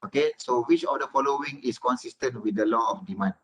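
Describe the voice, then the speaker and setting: A man's voice: medium pitch, fast talker, a bit bright, breathy edge, rough recording. A man giving an online class lecture as a university lecturer, filling nearly every phrase with "okay" and "uh".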